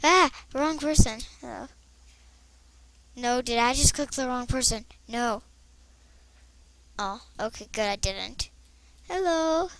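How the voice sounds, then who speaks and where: Young girl, online game commentary, high voice, slow pace, rambling, excitable. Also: gravelly. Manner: chatty, excitable, talks to herself while playing. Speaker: gameplay vlogger. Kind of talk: casual commentary over online game play.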